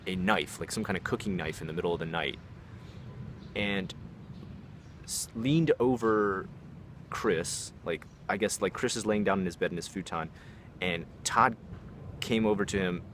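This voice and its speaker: Low-voiced young man telling a story. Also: moderate pace, pauses often, a bit bright, slight background noise. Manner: casual, profane, many fillers like "like". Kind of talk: casual storytime vlog.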